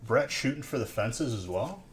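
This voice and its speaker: A man's voice: medium pitch, animated, moderate pace, slight background noise. Joking man hosting a livestream. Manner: joking banter with chat, says "dude" a lot; tallies scores and counts cards aloud. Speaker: livestream host opening trading card packs. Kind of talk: casual livestream commentary.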